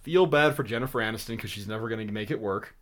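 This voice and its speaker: A man's voice: lowish voice, fast talker, a crowd in the background. A man co-hosting a podcast in casual chat who is losing his voice, often hesitant and wry. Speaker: podcast co-host.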